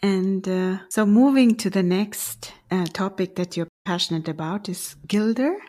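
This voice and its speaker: A woman's voice: medium pitch, a little slow, warm tone. A woman hosting a podcast interview, asking curious, friendly questions. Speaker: podcast host. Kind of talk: casual interview.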